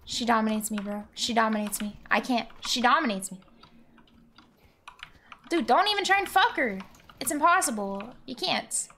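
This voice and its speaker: A woman's voice: fairly high pitch, lively intonation, moderate pace, pauses often, sharp tone, a little hiss or hum. A young woman streaming a game, venting and swearing in exasperated running commentary. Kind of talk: live gameplay commentary.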